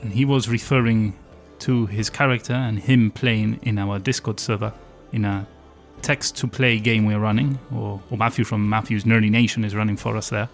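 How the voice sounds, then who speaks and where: A man's voice: lowish voice, fairly even intonation, normal speed, gravelly, hardly any pauses, soft background music. A man co-hosting a tabletop game podcast, chatting casually and laughing often. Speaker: podcast co-host and player. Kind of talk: casual chat.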